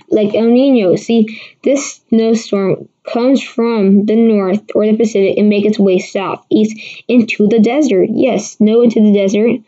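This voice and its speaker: A woman's voice: mid-range voice, steady tone, unhurried, dark tone. A woman hosting a casual livestream weather forecast, rambling with many restarts while answering viewers. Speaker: amateur weather forecaster host. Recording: dull lo-fi stream audio.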